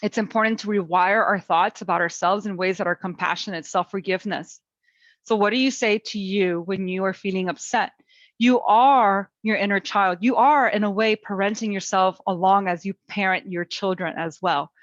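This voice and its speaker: A middle-aged woman teaching a parenting webinar, gentle and coaching in tone, talking through calm self-talk. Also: mid-range voice, moderate pace, dry recording, dull audio. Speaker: parent educator.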